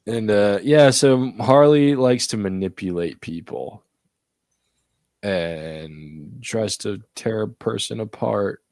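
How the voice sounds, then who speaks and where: A man's voice: on the low side, slow, a little mellow, dry recording, clean studio sound. A young man co-hosting a casual film review chat, laid-back, mostly agreeing and recapping scenes. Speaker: podcast co-host.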